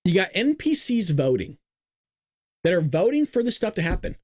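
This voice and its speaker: Recorded dry in a small closet, this political livestream host rants in a fired-up, profane way. His high-pitched voice is very animated yet a little mellow, and he speaks at normal speed, swearing a great deal.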